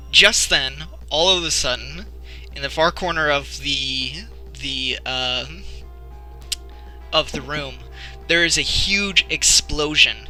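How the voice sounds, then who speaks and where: A man's voice: mid-range voice, pushed and bright, low-quality recording. A man narrating a tabletop role-playing game as game master, in a loose, casual way with lots of fillers and frequent laughter.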